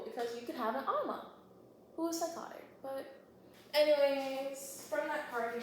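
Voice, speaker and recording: A woman vlogger chattily recapping a book in a slangy, animated way while baking in her home kitchen. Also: fairly high pitch. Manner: chatty, slangy, animated retelling with quick voiced quotes. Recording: very echoey room with clear background noise.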